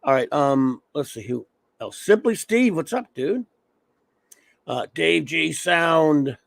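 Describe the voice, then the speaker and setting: A man's voice: on the high side, lively intonation, takes it slowly, vocal fry, no echo. A man hosting a casual livestream, rambling as he reads off viewer names. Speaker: livestream host. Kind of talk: casual chat.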